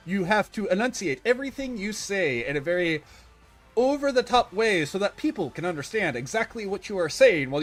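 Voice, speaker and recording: Male streamer, higher-pitched voice, casual opinionated chat with self-corrections, faint background music.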